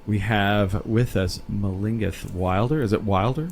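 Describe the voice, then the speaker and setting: A man's voice: fairly low pitch, a little slow. A man hosting a podcast in a small studio, joking around in casual banter. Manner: jokey, slips into silly quoted voices. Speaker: podcast host. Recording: faint air conditioning hum behind.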